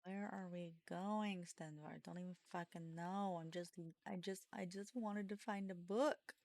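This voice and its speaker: A woman's voice: on the low side, fairly even intonation, a little slow, a little mellow, no room sound. A woman live-streaming a game from home, chatting casually, self-mocking and swearing freely.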